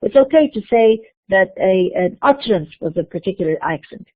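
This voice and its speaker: A woman's voice: medium pitch, animated, brisk, dry recording. Woman lecturing over tinny audio. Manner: explains by repeating and asking herself questions. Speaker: linguistics lecturer. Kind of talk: classroom lecture. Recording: dry, tinny phone-like audio.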